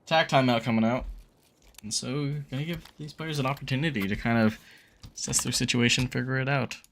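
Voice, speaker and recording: A man's voice: medium pitch, a little fast, vocal fry, a little hiss or hum. A man calling a college esports final play by play, his voice jumping up on big plays. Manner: excitable, rises sharply on big plays. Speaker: esports caster. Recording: game gunfire and clicks behind the voice.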